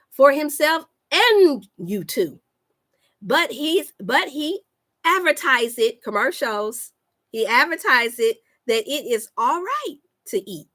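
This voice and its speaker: Fervent preaching woman, higher voice. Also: fairly bright tone. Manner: fervent, preacher-like, repeats lines for emphasis; calls out to listeners with "y'all". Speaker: health coach. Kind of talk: preaching livestream talk.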